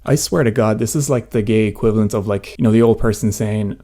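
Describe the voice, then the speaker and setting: A man's voice: lowish voice, moderate pace, mellow. Sarcastic nineteen-year-old man ranting. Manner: sarcastic, profane, casual. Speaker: commentary YouTuber. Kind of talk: ranting commentary.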